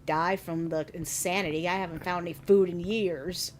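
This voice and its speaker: A woman's voice: on the low side, steady tone, normal speed, a little hiss or hum. A woman streaming a game, jittery and nervous, often laughing through her fright. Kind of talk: gaming stream chat.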